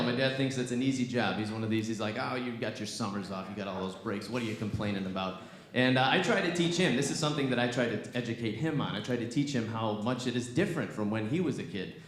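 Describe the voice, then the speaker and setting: A young man performing a stand-up comedy set in a small theatre, with animated, playful delivery and banter with the crowd. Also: mid-range voice, quick pace. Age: young adult. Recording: echoey venue.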